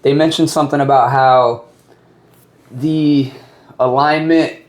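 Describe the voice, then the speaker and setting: A man interviewing a guest, asking questions in a halting, hesitant way. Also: mid-range voice, fairly even intonation.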